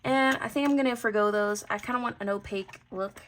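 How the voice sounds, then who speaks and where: A woman chatting casually through a bead necklace tutorial as she works at her desk mic, thinking aloud and trailing off into soft mutters. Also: mid-range voice, brisk, slight background noise. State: has the hiccups. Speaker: jewelry-making channel host. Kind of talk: casual craft tutorial chat.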